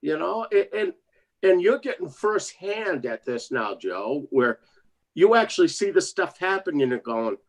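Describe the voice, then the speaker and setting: A man chatting casually on a livestream, laughing often and jumping up high when he quotes others. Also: big pitch swings, a little slow.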